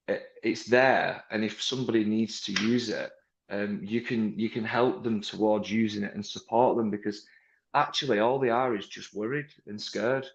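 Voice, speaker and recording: British salesman in an echoey room. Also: on the low side. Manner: animated, acts out sales-floor dialogues, frequent restarts. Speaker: car sales manager, interview guest. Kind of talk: casual interview talk. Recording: roomy, slightly dull sound.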